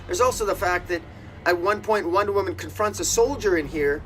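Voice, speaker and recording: A man's voice: high-pitched, a little fast, fairly bright tone, soft background music. Exasperated male comic book reviewer. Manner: critical, exasperated, many fillers and restarts. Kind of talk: casual video review.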